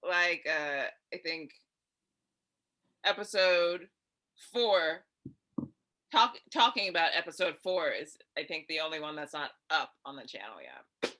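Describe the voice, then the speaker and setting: Woman podcast cohost, bright voice, swoops around a lot, laughs easy. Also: low voice, lively intonation, unhurried, pauses often. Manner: laughs easily, dry asides. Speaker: podcast co-host. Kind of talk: casual chat.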